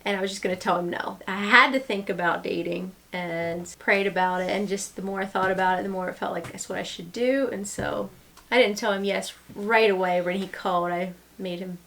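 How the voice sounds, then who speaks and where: A young woman casually telling how she met her husband, animated and laughing often. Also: mid-range voice, fairly quick, creaky, slight background noise. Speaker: vlogger telling their love story.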